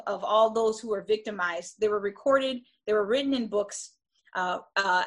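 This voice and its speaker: A woman's voice: medium pitch, a bit bright. A woman giving a classroom lecture in an earnest, emphatic way, often restarting and checking in with "right?".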